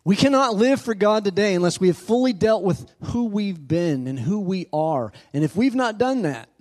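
A pastor preaching a sermon in a church who calls out for amens and asks the congregation questions. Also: male voice, sits high, expressive, moderate pace, a little mellow. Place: church sanctuary.

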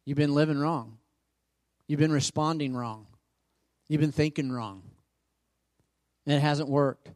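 A man's voice: on the high side, fairly even intonation, measured pace, long pauses, a little mellow, dry recording, studio quality. A man preaching a sermon as pastor, emphatic, repeating phrases for rhythm. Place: church.

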